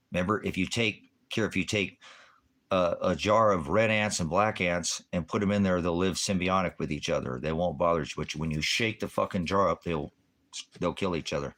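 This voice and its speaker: A man's voice: low-pitched, fairly bright tone. A man hosting a ministry livestream, ranting in a heated, profane, rambling way and quoting scripture. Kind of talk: angry livestream rant.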